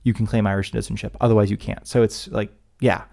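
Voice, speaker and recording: A podcast co-host from the United States speaks in a lowish, level, mellow voice with vocal fry and a quick pace. In casual chat he rambles chattily and frequently interrupts himself mid-sentence.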